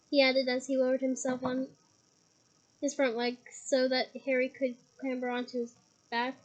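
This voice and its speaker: A young woman with a head cold reading a novel aloud, telling the story with steady, dramatic emphasis. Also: sits high, normal speed, low-quality recording. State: head cold, occasional coughing. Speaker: reader.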